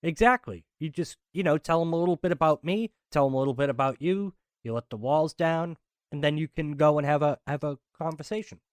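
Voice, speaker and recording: Male co-host, easygoing explainer, slightly high, dry close sound. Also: a little fast, dry recording. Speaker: podcast co-host. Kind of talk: casual chat.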